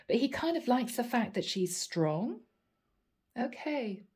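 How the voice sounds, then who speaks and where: A woman's voice: fairly high pitch, sing-song, takes it slowly, darkish tone, slightly rough. A woman giving a chatty channeled tarot reading, thinking aloud and tentative. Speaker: psychic tarot reader.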